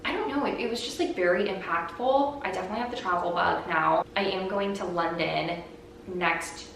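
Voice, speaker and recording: A woman's voice: lowish voice, moderate pace, creaky. A young woman hosting her own vlog and podcast, telling a story casually and animatedly and saying "like" a lot. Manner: chatty, heavy use of "like", animated retelling. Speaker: vlogger and podcast host. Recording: very echoey room, voice from a distance, faint background noise.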